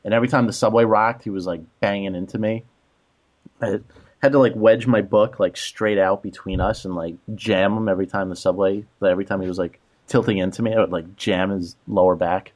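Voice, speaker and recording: Fairly low in pitch and steady in tone, this man's voice is a little mellow and a little fast. On a casual podcast he co-hosts, he shares exasperated tales of rude strangers, heavy on "like" fillers.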